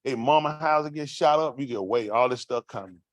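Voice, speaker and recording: A man's voice: medium pitch, a little fast, dry recording. Dry, plain-voiced man testifying. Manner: raw, vernacular storytelling with rhetorical questions to the room. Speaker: congregation member giving testimony. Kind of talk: street-life testimony to a congregation.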